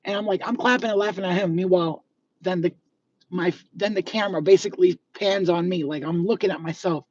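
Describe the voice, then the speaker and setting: A woman's voice: fairly low pitch, fairly quick, a little mellow, slight background noise. A woman telling a story in a casual, chatty way with plenty of fillers and swearing, speaking from inside a car. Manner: chatty, profane, many fillers. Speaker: spiritual vlogger. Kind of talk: casual live-stream storytelling. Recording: distant, dull lo-fi phone audio.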